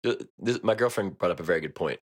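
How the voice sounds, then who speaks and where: A man's voice: low-pitched, fast talker, slightly rough. A man co-hosting a podcast in casual chat, laid-back and skeptical, often trailing off. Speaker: podcast co-host.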